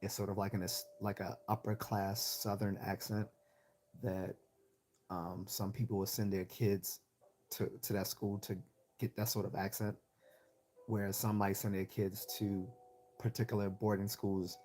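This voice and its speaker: Low, dark-voiced man with a Northeastern accent. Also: flat delivery, moderate pace, slight background noise. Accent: Northeastern American. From Chicago. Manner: rambling, opinionated, with frequent restarts. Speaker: livestream host reading chat. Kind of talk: casual livestream chat.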